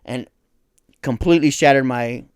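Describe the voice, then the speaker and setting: A man's voice: mid-range voice, moderate pace, smooth, no echo. Indignant, cursing young man, dry sound. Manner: indignant, profane storytelling. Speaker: podcast co-host. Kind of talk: casual podcast chat.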